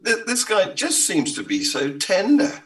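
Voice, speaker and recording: A man on a radio panel makes dry, wry remarks in a husky voice. His pitch moves a lot, and he sounds a bit distant from the mic. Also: huge pitch swings, unhurried, fairly bright tone. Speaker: panel guest. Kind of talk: casual panel chat.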